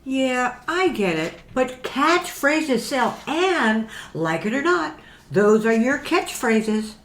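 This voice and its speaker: Woman as a bouncy, unhurried marketing woman in an echoey room. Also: high-pitched, full character voice. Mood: upbeat. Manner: upbeat, lively, salesy. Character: brisk businesslike woman promoter. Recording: roomy echo.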